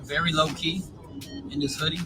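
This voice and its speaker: A man speaks in a slightly high voice in an interview clip, pausing often on fillers as he talks. Clear music plays behind him. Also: fairly even intonation, low-quality recording. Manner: halting, with many fillers. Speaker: boxer in an interview.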